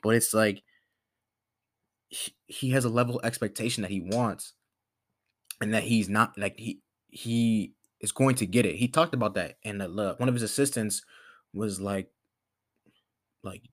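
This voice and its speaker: A man's voice: on the low side, normal speed, long pauses. A man hosting a podcast, talking in a casual motivational monologue, rambling with lots of fillers and restarts. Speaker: podcast host.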